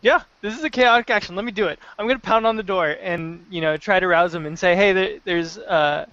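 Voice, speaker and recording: A man's voice: high voice, steady tone, fast, a bit bright, no room sound. A man playing a tabletop game, talking casually and often laughing. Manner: giggly, laughs between his lines. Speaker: player. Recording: dull lo-fi sound.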